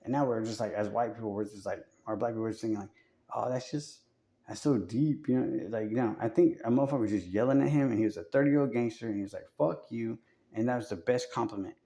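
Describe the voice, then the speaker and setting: A man's voice: fairly low pitch, rapid-fire, few pauses, mellow. A man talking in a casual, rambling monologue, profane and full of fillers and restarts.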